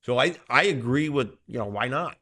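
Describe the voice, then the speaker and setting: Animated man talking hockey refereeing. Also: medium pitch, moderate pace. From Boston. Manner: animated storyteller, acts out voices in quotes. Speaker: hockey referee and podcast co-host. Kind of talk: casual podcast chat.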